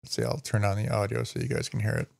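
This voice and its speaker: A man's voice: on the low side, wildly swooping pitch, very fast, gravelly. Rambling man streaming casual chat. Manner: rambling, stumbles over names, swears. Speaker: streamer host. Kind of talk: casual live-stream chat, reading news aloud.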